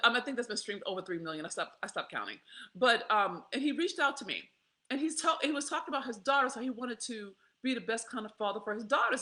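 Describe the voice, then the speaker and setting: A woman, telling a candid personal story to her viewers in a profane, animated way, laughing often. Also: on the high side. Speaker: vlogger.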